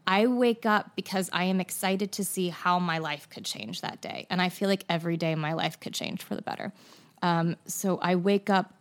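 A woman's voice: fairly low pitch, normal speed. Woman, actress, podcast guest, earnest, rambling, lots of "like", casual chat.

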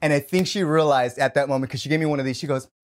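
A man's voice: on the high side, racing. Easygoing man in his thirties. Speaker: podcast guest. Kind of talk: casual chat.

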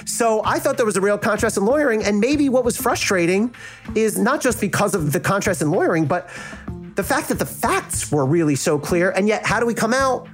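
Animated South Jersey man, lively pitch. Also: a little fast, soft background music. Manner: frank, animated, acts out quoted reactions. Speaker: legal analyst and former prosecutor. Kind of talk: casual interview.

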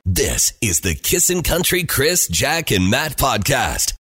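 A man's voice: mid-range voice, sing-song, slow, pushed and bright, soft background music. A man voicing a recorded station promo, drawn out like an announcer.

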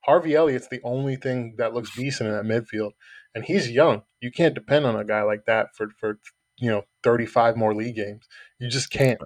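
A man co-hosting a casual soccer podcast, giving animated, profane opinions. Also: medium pitch, moderate pace. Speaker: podcast co-host. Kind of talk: casual sports podcast chat.

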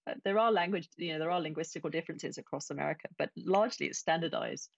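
A woman's voice: low voice, fast talker, creaky, no room sound, lo-fi sound. A woman from England, chatting casually with many restarts and quoted asides. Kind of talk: casual chat.

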